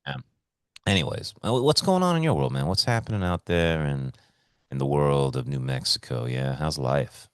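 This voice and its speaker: A man's voice: rumbling low, lively intonation, normal speed, smooth, no room sound, studio quality. A man co-hosting a podcast over a remote call, telling stories in a laid-back, swearing, casual way. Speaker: podcast co-host. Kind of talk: casual chat.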